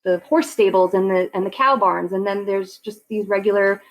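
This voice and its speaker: On a lo-fi recording, a fortysomething woman from Long Island, New York talks at normal speed in a mid-range voice. She's a podcast guest in a relaxed interview, laughing readily and using many filler words.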